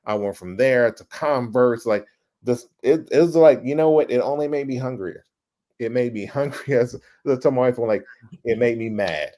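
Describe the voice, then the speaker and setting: A middle-aged man, a podcast guest, telling his career story in a casual, animated way, swearing and acting out past scenes. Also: mid-range voice, normal speed. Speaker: podcast guest, ad creative director.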